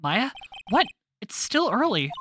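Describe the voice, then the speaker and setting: A woman voicing a weary young male lawyer who talks flat and deadpan. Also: fairly high pitch, measured pace, very noisy. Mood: groggy.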